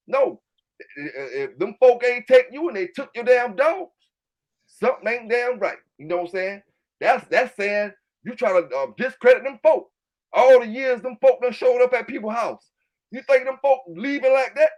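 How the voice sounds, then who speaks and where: A man with a Southern US accent who hosts his own channel about his dog kennel, ranting loudly and with plenty of swearing to his livestream chat. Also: sits high. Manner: loud, fired-up, profane, keeps repeating filler tags. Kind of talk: livestream rant answering chat.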